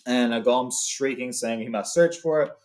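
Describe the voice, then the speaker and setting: A man's voice: mid-range voice, normal speed. A young adult man retelling a story in a loose, casual way with fillers, then reading passages aloud.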